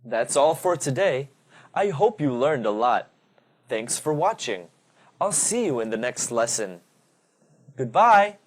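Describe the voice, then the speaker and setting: A man's voice: mid-range voice, sing-song, a little slow, pauses often. A man teaching English grammar in a recorded online lesson, explaining patiently with examples.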